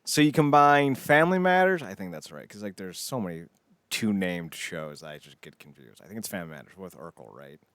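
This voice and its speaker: A man's voice: lowish voice, expressive, fairly bright tone, clean tone, no echo. A man co-hosting a podcast, riffing jokingly and laughing through silly bits. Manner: riffing, laughing, doing quick silly voices. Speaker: podcast co-host. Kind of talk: casual comedic chat.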